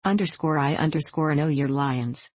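A woman's voice: sits low, moderate pace, dry recording. A woman reading an audiobook, giving a cautious, bossy little girl her lines in a plain, firm way.

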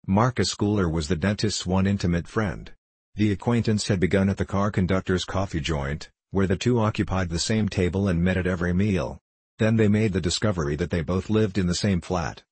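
Deep-voiced man reading a novel aloud. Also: fairly quick, darkish tone, breathy edge, dry recording. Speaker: audiobook reader. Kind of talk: scripted narration of a novel.

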